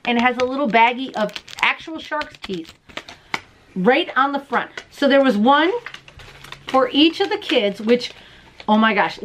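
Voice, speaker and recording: A bright, fairly high-voiced woman talks straight to her camera at home as a crochet and knitting podcast host. She is chatty and bubbly, pokes fun at herself and laughs easily. A faint hiss sits under her voice. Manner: bubbly, chatty, self-deprecating, laughs often. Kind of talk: casual chat to camera. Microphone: camera in front of her.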